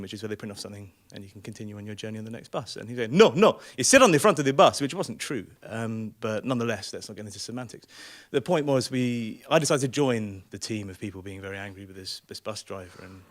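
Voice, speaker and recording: A man's voice: on the low side, fast, hardly any pauses. A man telling a true story on a small theatre stage, wry, rambling and self-mocking. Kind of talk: live storytelling.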